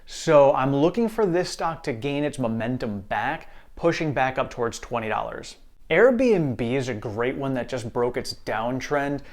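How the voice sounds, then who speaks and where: A man's voice: mid-range voice, lively intonation, unhurried. A man hosting an investing channel, talking viewers through their stock worries in an upbeat, reassuring way. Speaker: stock market channel host. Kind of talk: casual investing commentary.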